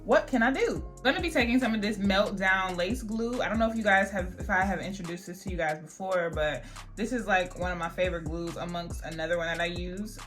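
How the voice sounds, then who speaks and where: A young woman talking through a get-ready-with-me hair routine while she spills a storytime. Her delivery is chatty and slangy, with an exasperated edge. Her voice sits at an ordinary middle pitch, with faint music playing behind her. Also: fairly quick, a bit bright. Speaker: beauty vlogger. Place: at home doing her hair.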